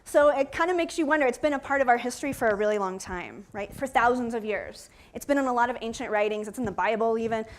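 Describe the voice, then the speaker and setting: High-voiced woman giving a playful lecture. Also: fast, hardly any pauses. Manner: chatty, playful, addresses the crowd as you guys. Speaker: college instructor giving a panel talk. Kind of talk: lively lecture to an audience.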